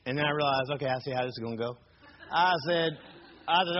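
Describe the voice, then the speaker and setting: A man, a youth group leader, telling a personal story in a lively way, full of fillers and acted-out quotes. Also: mid-range voice, fast, highs cut off.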